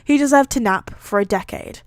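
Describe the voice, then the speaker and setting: A woman's voice: on the high side, brisk, no echo. A British woman reading fan fiction live on her stream, chatty and giggly, often correcting herself. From Britain. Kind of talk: casual live reading aloud.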